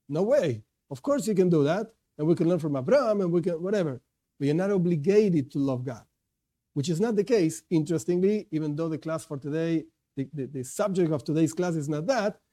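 Male lecturer, religious class, earnest and emphatic, voice pitched somewhat high. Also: warm tone. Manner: earnest, stresses key words, repeats and restarts. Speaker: Torah teacher.

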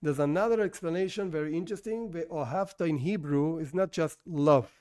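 A man with a high voice teaches an informal Torah lesson. His first language is not English, and he talks in a loose, conversational way. He restarts his sentences and keeps posing questions only to answer them himself. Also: fairly quick, darkish tone. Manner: conversational, self-correcting, asks and answers his own questions.

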